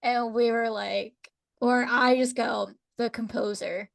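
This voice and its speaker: Woman podcast co-host, higher pitch, dry sound, laughs a lot, says "like" often. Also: steady tone, slow, vocal fry, no room sound. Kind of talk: casual chat.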